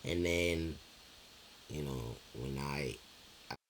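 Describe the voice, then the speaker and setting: A young man with a low, deep voice tells a personal story straight to his audience. He talks slowly and loosely, circling back over the same words, and peppers it with fillers and swearing. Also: a little hiss or hum. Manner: rambling, repeats himself, heavy fillers and swearing. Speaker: vlogger. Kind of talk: casual storytelling chat.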